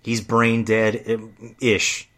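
A man's voice: fairly low pitch, completely flat delivery, very slow, fairly bright tone. Heated, profane man telling stories. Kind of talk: casual monologue.

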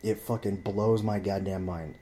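A man's voice: sits low, steady tone, moderate pace, dark tone. A young man telling a story in a blunt, profane, heated rant; he grew up speaking Spanish. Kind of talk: casual ranting storytelling.

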